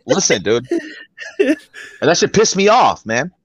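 A man ranting heatedly on a panel discussion, swearing freely, with a husky voice. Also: a little high, huge pitch swings, measured pace, no echo.

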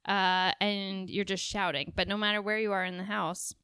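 A woman's voice: medium pitch, level tone, moderate pace, sharp tone, clear, resonant tone, no echo, studio quality. A woman co-hosting a casual chat at home, talking in an easygoing, teasing way with lots of fillers and laughs. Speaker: podcast co-host. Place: home during quarantine.

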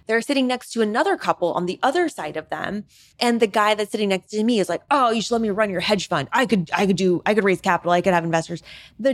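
A young woman hosting a podcast, telling stories casually, full of "like" fillers and acted-out quotes. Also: medium pitch. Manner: chatty, frequent "like", animated rants with acted-out quotes. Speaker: podcast host. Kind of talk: casual storytelling monologue.

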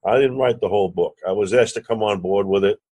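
A man, a real estate lender and podcast guest, telling a lively anecdote and acting out the other voices. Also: on the low side, fast, breathy edge. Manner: animated anecdote teller, acts out quoted dialogue, curses casually. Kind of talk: storytelling in a podcast interview.

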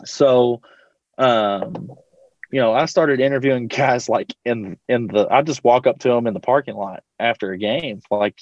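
A man's voice: medium pitch, normal speed, a little mellow, dry recording. Rambling storyteller man, dull dry audio. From Louisville, Kentucky. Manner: rambling, full of fillers and casual swearing. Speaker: podcast guest, teacher and coach. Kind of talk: casual storytelling.

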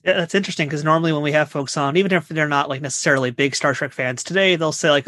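Fast-talking male podcast host. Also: fairly high pitch, bright, forceful tone, no room sound, clean studio sound. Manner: eager, upbeat promotional patter. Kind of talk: podcast interview hosting.

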